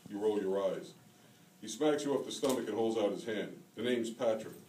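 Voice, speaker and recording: Low-voiced man reading in an echoey hall. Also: a little hiss or hum. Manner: steady, measured reading of second-person prose. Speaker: author reading his own work. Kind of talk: reading prose aloud at a graduate reading. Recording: roomy hall, taken from far off.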